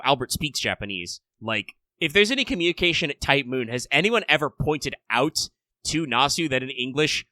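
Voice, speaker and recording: A man's voice: medium pitch, pushed and bright, dry recording. An American man co-hosting a casual podcast chat, rambling with frequent restarts and wry asides. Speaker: podcast co-host.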